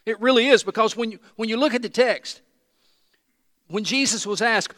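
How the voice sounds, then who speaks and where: A male pastor preaching to his church, emphatic, slowing down and repeating key phrases. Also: sits high, fairly bright tone. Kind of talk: sermon. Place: large church hall. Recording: long hall reverb.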